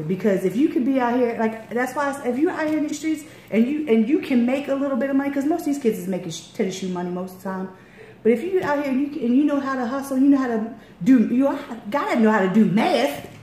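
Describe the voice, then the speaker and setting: A woman with a Baltimore accent telling a story in casual chat as a radio interviewer, acting out quotes with big jumps in pitch. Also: quick pace, warm tone. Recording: echoey room, faint noise.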